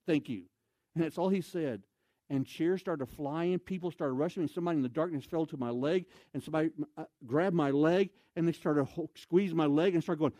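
A man telling a story in a sermon as an evangelist, animated, with loud exclamations and quoted voices. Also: on the high side, fast, no echo.

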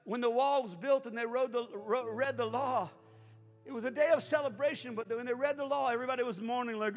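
A man in his sixties, a pastor preaching a sermon that swells into fervent shouting. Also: extremely high pitch, a little fast. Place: church sanctuary. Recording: reverberant church hall with music.

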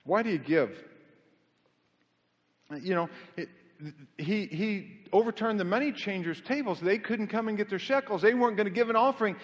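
Middle-aged pastor, high voice, mixing jokes with urgent preaching in a reverberant church; sound a bit muffled. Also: male voice, normal speed. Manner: conversational preaching with self-deprecating humor, rising to fervent emphasis. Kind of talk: sermon. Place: church sanctuary.

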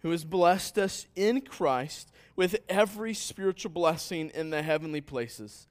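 Pastor reading scripture with rising emphasis. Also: male voice, fairly high pitch, unhurried. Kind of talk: reading scripture aloud in a sermon.

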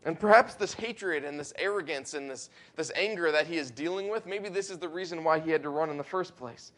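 A man with a high, light voice delivers a sermon. He preaches with earnest conviction, building to emphatic high points and slowing down on the words he wants to land. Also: a bit bright. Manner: earnest preaching, rising emphatic peaks, slows for weight. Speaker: pastor.

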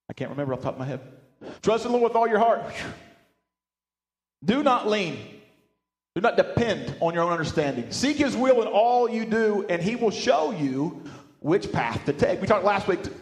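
High-voiced man preaching in an echoey hall. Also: moderate pace, long pauses. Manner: animated, repeats and restarts words, asks the congregation questions. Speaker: pastor. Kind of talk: sermon. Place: church sanctuary with speakers.

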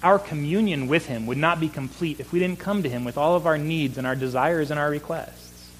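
Earnest man preaching, slightly high voice. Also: a little fast, slight background noise, rough recording. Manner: earnest, repeats words when stressing a point. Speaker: pastor. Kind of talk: sermon.

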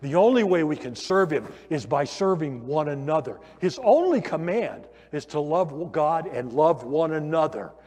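A man preaching a sermon in a church, conversational and animated, asking the listeners questions. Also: on the high side, normal speed, hardly any pauses, slightly rough. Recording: long hall reverb.

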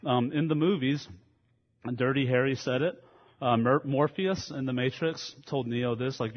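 A man's voice: medium pitch, moderate pace. A man preaching a sermon in a church, opening with an earnest prayer and then explaining ideas in a conversational way. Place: church sanctuary. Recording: echoey hall, dull lo-fi sound.

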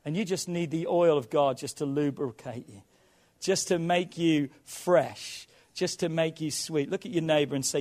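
A male pastor with a notably high voice delivers a sermon. He leans on rhetorical questions and strings of repeated phrases to drive each point home. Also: normal speed, a little mellow. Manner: preaching with rhetorical questions and repetition.

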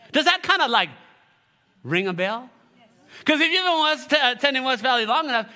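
A male pastor with a very high-pitched voice preaches with animation and humor. He reads scripture aloud, leads the congregation, and slips in sarcastic asides.

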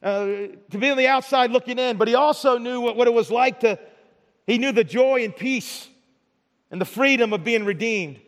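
A middle-aged pastor with a very high-pitched voice delivers a sermon at normal speed. His preaching is conversational, full of repeated words and lines ending in "right?", and the recording carries the reverb of a large hall.

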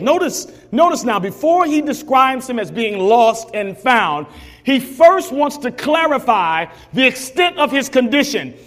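Preacher man, high voice swinging all over, big echoey church hall behind him. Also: very animated, measured pace. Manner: preaching with rising, shouted emphasis and repeated calls to the congregation. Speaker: pastor. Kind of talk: sermon. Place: church sanctuary. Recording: long reverb of a large church hall.

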